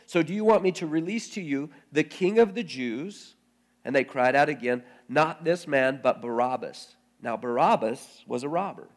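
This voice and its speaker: A male pastor with a voice on the high side and an animated delivery reads scripture aloud, then preaches haltingly, often repeating words as he thinks aloud.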